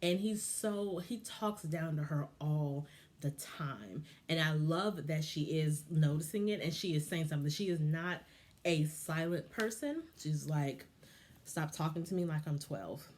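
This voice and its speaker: A woman's voice: deep voice, measured pace, darkish tone, slight background noise. A woman vlogger giving casual, impassioned and frustrated commentary on a reality show.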